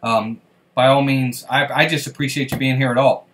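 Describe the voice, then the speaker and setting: A man chats on a casual live stream at normal speed, his medium-pitched voice slightly bright and fairly even in intonation. He reads comments and greets viewers by name, keeping things friendly and reassuring.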